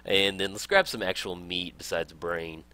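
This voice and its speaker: A man's voice: deep voice, steady tone, normal speed, sharp tone. A young man casually talking through a strategy game as a let's play host, upbeat and enthusiastic, laughing often. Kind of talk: casual game tutorial commentary.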